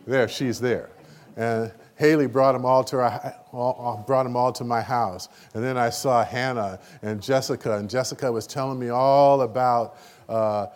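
Preaching at a church gathering, this man has a mid-range voice and an animated, emotional style. His volume jumps suddenly, and he hesitates with repeated words.

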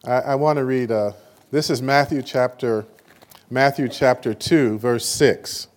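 A man preaching a sermon in a church meeting, animated and emotional, with sudden loud rises and halting repeated words. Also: mid-range voice.

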